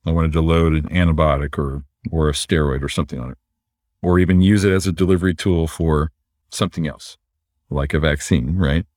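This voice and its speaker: Deep-voiced doctor guy chatting, keeps saying right?, dry sound. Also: fairly quick, no room sound. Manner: relaxed, explanatory, frequent "right?" tag questions. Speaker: physician entrepreneur guest. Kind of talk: conversational explaining.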